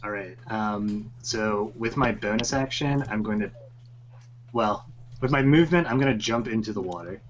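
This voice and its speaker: A man playing in a tabletop game, announcing his moves plainly and deliberately. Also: fairly low pitch, lo-fi sound. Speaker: player. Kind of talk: casual game chat.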